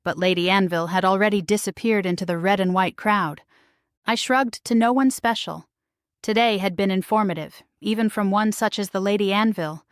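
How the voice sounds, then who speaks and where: A woman narrating a first-person romance novel in a steady, expressive reading voice. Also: mid-range voice, moderate pace, clean tone, no echo, studio quality. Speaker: audiobook narrator.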